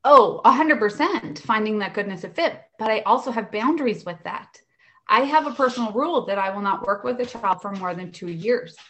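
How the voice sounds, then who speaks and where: Woman, 30s, special ed worker; lively, chatty storyteller, mid-pitched voice. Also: fairly quick. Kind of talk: storytelling in conversation.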